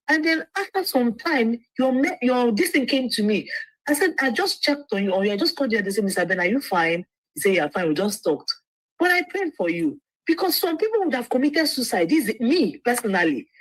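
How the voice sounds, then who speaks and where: A woman's voice: fairly high pitch, no room sound, rough recording. A woman, a lawyer speaking as a guest on a livestream, earnest and often restarting her words. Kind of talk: livestream interview.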